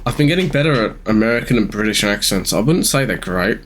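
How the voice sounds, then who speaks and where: An eighteen-year-old Australian man rambling through casual gameplay commentary with halting ums, sounding sleepy. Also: lowish voice, lively intonation, background noise. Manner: rambling, halting, many ums, sometimes swears. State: sleepy, yawning. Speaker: gamer streamer.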